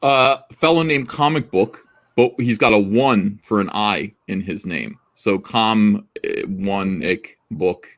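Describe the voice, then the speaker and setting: A man's voice: lowish voice, slow pace, fairly bright tone. Blunt, profane male livestream host. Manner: blunt, profane, rambling anecdotes. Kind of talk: casual chat and storytelling. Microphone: remote livestream call.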